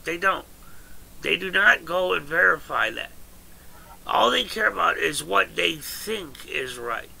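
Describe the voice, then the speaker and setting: A man's voice: a little high, animated, a little slow, vocal fry, sharp tone, husky, low-quality recording. A middle-aged man hosting a livestream, talking casually and emphatically. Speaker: livestream host. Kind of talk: casual chat.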